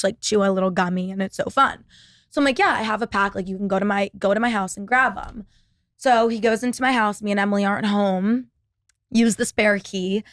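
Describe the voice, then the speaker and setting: A woman's voice: mid-range voice, no echo, studio quality. A woman in her twenties hosting a solo podcast, rambling casually with constant fillers and swearing. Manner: rambling, profane, lots of "like" fillers. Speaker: podcast host. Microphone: laptop setup.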